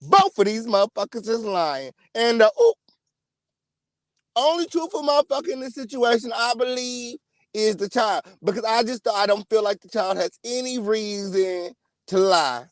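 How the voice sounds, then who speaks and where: A man hosting a celebrity gossip channel, giving an emphatic, profanity-heavy rant with sudden loud outbursts. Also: high voice, animated, moderate pace, no echo, studio quality. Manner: profane, emphatic, repeats "okay?" and "period". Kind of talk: ranting celebrity gossip commentary.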